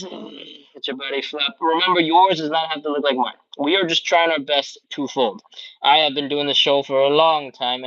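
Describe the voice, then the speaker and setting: Male stretch coach, somewhat high voice, close and dry, a bit dull lo-fi sound; calm, encouraging breath cues. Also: dry recording. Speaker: stretching instructor. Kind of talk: live workout instruction, cueing breaths and counting.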